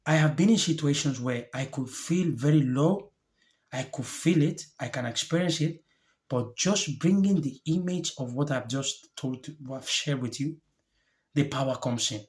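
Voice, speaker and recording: A male life coach talks straight to camera in a reflective motivational monologue, his voice at an ordinary middle pitch. He speaks earnestly and gently, in short halting phrases with pauses between thoughts, openly moved and heartfelt.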